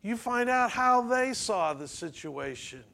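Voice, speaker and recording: A man's voice: very high-pitched, big pitch swings, a little slow, vocal fry, pushed and bright. A man preaching a sermon in a church, talking conversationally and asking the congregation questions. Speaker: pastor.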